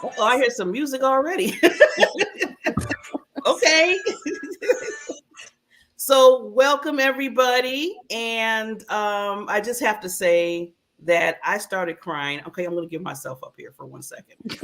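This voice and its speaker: A woman's voice: medium pitch, moderate pace, fairly bright tone. A woman hosting a talk show in a bubbly, emotional way, laughing often. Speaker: host.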